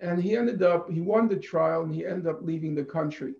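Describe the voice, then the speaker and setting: A man giving a deliberate, emphatic conference talk over a video call, repeating phrases for stress. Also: a little high, vocal fry, darkish tone. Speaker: conference speaker. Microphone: computer mic on a video call. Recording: echoey, dull video-call audio.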